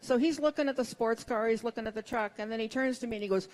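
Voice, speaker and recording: A woman's voice: on the high side, fast talker, hardly any pauses, a little mellow. A middle-aged woman performing a stand-up comedy set, with wry, self-mocking punchlines.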